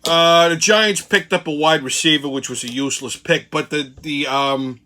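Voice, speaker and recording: A middle-aged man rants about sports, swearing constantly and sounding furious. His voice sits fairly high for a man and comes across bright and forceful. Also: fairly even intonation, moderate pace. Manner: angry, foul-mouthed, ranting. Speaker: sports commentary host. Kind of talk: profane sports rant.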